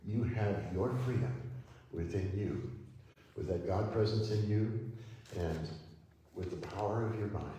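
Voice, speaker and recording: A man with a lowish voice delivers a gentle, unhurried sermon, pausing often as he leads his listeners through affirmations. He is picked up from a distance in a large, echoing hall, with faint room ambience behind him. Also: slight background noise. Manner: slow, gentle, pausing preacher leading affirmations. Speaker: speaker at a spiritual center. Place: church hall. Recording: echoey hall, mic from far off.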